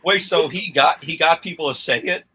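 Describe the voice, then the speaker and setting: Bright-voiced man reading quiz questions. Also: on the high side, moderate pace, breathy edge, rough recording. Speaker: quizmaster. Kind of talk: reading trivia questions in casual chat.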